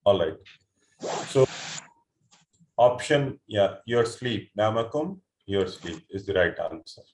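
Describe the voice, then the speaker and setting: A man's voice: fairly low pitch, expressive, slow pace, darkish tone, reverberant. A man teaching an online class, explaining word meanings patiently step by step, with hesitant fillers and restarts. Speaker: Quran teacher. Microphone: computer mic on an online call.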